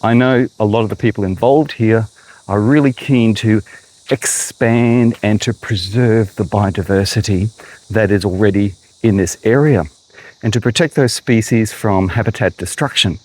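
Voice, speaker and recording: A man's voice: lowish voice, a little mellow, poor audio. An Australian man, a horticulturist, chatting to viewers as he walks around a garden outdoors, a little out of breath. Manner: chatty, talks straight to viewers. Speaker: horticulturist vlogger. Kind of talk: walking garden tour vlog.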